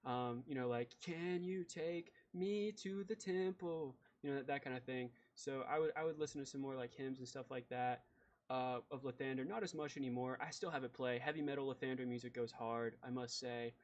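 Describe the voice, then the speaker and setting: A man's voice: mid-range voice, moderate pace, lightly acted. A man voicing a stout, laid-back young blacksmith who talks casually. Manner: casual, easygoing.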